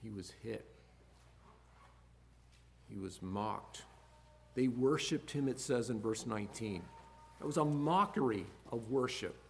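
A man preaching a sermon, moving between quiet reflection and loud impassioned emphasis, reading scripture aloud. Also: medium pitch, lively intonation, unhurried, gravelly, pauses often, slight background noise. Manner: reads scripture aloud in King James wording.

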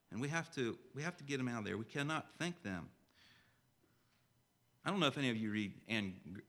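A man delivers a sermon with a sharp, forceful edge to his voice. His talk stays conversational and full of direct questions to the congregation. When he reads scripture, he slows into solemn, measured phrasing. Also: mid-range voice. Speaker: preacher.

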